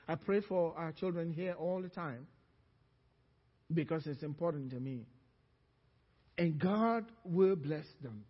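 A male pastor preaching a sermon in a church, surging to loud emphatic calls and then dropping low and quiet. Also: husky. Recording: echoey church hall, dull lo-fi sound.

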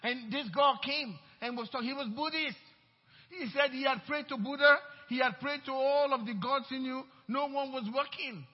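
A pastor preaches with a strikingly high, husky voice, leaning hard on his words and repeating phrases for weight. His voice is heard through a dull, muffled recording that rings with a long church-hall echo. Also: fairly even intonation, normal speed. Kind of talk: sermon.

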